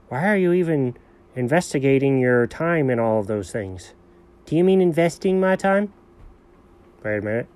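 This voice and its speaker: A man doing a comedy voice-over as a pet owner, talking to his cat in a dry, deadpan, mock-stern way. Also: mid-range voice, normal speed, no room sound.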